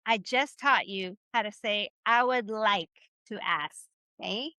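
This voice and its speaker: A woman's voice: mid-range voice, unhurried, bright, forceful tone, no echo. A woman teaching Spanish in a live online class, upbeat and encouraging, leading the class in repeating phrases. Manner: upbeat, encouraging, leads call-and-response drills.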